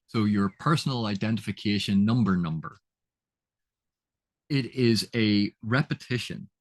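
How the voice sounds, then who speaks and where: A man giving a chatty, casual lesson on literary terms, laughing at his own examples and often restarting his sentences. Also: on the low side. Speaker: literature educator.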